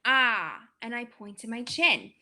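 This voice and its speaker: A young adult woman explains a classroom phonics lesson in a bright, fairly high voice. She slows right down to sound out letters and words, pausing on each sound the way she would for young students. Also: animated. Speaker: teacher. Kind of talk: demo lesson walkthrough.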